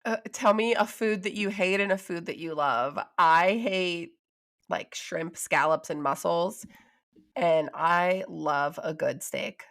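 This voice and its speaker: A woman's voice: fairly low pitch, takes it slowly, fairly bright tone. A woman co-hosting a podcast in casual chat, reading out listener questions with frequent exclamations. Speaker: podcast co-host.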